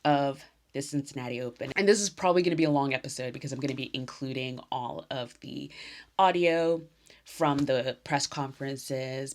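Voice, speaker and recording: Chatty low-voiced woman podcaster. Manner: chatty and effusive, trails off into soft near-whispers. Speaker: podcast host. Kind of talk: casual solo tennis podcast.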